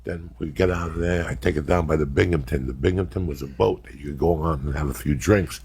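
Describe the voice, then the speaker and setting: A man's voice: very deep voice, fast, a little mellow, husky. A middle-aged man hosting a podcast, telling rambling, profane stories and laughing often as he goes. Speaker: podcast host. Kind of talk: casual podcast storytelling.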